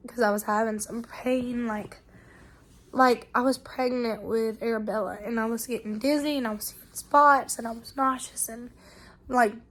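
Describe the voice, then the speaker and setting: A young woman, sick with bronchitis, telling viewers a long story in an animated, exasperated way. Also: a little high. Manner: animated retelling, exasperated asides. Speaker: family vlogger.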